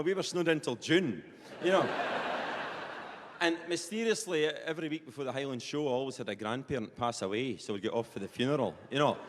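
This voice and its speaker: Man, Perthshire Scottish accent, stand-up comic, chatty rambling delivery, mid pitch, long hall reverb. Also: fairly bright tone, slight background noise. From Scotland. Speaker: stand-up comedian. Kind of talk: live stand-up comedy.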